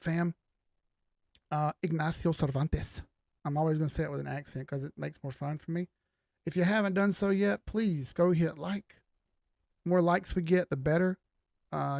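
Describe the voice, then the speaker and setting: A middle-aged man hosts a live stream in a loose, easygoing way, calling out viewers by name. His voice is gravelly and sits a little high. The sound is very dry and close. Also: darkish tone, dry recording. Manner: laid-back, greets viewers by name, swears casually. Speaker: livestream host. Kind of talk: casual live-stream chat.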